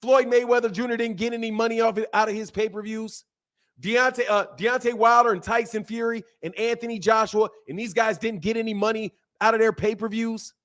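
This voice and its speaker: High-voiced man ranting about boxing. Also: brisk. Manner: animated, repetitive, rhetorical questions. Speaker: boxing commentator. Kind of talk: casual commentary rant.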